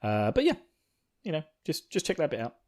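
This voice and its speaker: A man hosting a podcast, recapping an episode in a gushing, excitable, swearing way. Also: on the high side, a little fast. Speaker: podcast host.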